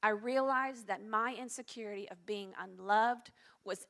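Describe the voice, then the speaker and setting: A middle-aged woman pastor preaching a sermon in an earnest, confessional way, dropping to hushed tones at times. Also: medium pitch, unhurried.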